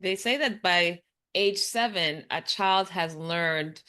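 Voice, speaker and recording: Woman, interview host, affirming, lowish voice, conversational. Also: slow pace. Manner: affirming, frequent soft acknowledgments. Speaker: podcast host.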